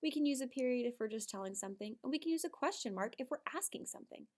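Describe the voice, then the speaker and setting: Animated woman teaching young children. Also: high voice, very fast. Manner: animated, sing-song teacher voice, dramatic emphasis. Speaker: first grade teacher. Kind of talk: video writing lesson for young children.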